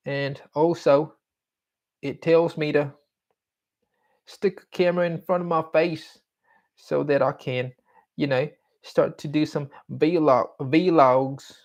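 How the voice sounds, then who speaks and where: A man's voice: a little high, fairly even intonation, slow pace, pauses often, darkish tone. A young man talking to himself while he codes for a vlog, mumbling and humming filler sounds as he types. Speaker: vlogger coding on camera. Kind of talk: casual self-talk while working.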